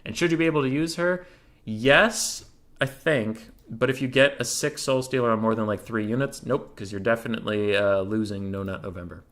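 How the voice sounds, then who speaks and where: A man's voice: medium pitch, a bit bright. A man hosting a casual gaming Q&A, reading community questions and giving joking, offhand answers. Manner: joking, offhand, quick replies.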